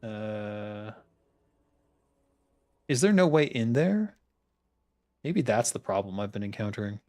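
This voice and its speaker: A man's voice: lowish voice, very animated, slow pace, a little mellow. Chatty man narrating his gameplay. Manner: chatty, laughs often, self-deprecating. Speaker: game designer streamer. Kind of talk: casual gameplay commentary.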